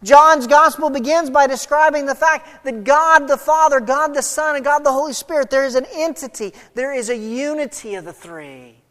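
A woman pastor preaching a sermon verse by verse, swinging between loud emphatic stretches and quiet low passages. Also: normal speed, few pauses. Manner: expository, walks through a scripture passage verse by verse. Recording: long hall reverb.

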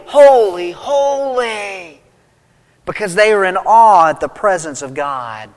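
A man's voice: very high voice, fairly bright tone. Guy preaching a sermon, reads the verses then breaks them down, big hall echo. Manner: reads scripture aloud, then explains with rising emphasis. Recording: long hall reverb.

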